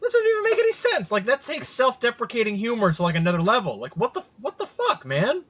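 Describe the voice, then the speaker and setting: A man in his thirties co-hosting a casual podcast, telling animated, swear-filled stories and acting out what people said. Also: extremely high pitch, quick pace. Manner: animated storyteller, swears, acts out quotes. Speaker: podcast co-host.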